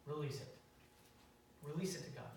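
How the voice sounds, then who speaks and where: A man's voice: fairly high pitch, moderate pace, creaky, darkish tone, slight background noise. A young man preaching a sermon in a church, telling a story in a casual way with fillers and restarts. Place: church sanctuary. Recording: very echoey hall, mic far off.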